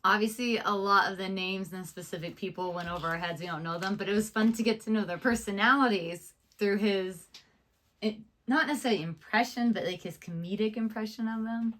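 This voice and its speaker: A woman co-hosting a reaction video, chatting casually in a thoughtful, measured way. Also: mid-range voice, a bit bright. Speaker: reaction channel co-host. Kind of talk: casual chat.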